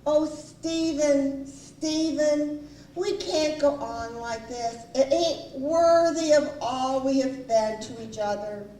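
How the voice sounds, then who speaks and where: A woman mimicking a wounded society wife with an icy, high-pitched delivery in a stage play. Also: fairly even intonation, slow, dark tone. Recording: roomy stage sound from far off.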